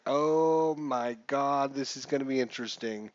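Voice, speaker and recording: A man's voice: mid-range voice, slow pace, slight background noise. A man giving casual gameplay commentary while playing a baseball simulation, chatty and thinking aloud as he checks the rules. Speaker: gamer playing a baseball sim.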